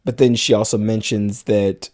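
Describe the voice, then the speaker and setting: In a laid-back film recap on a podcast he co-hosts, this man retells the plot and drops in lines from the characters. His voice is lowish and darkish, with fairly even intonation at a normal speed.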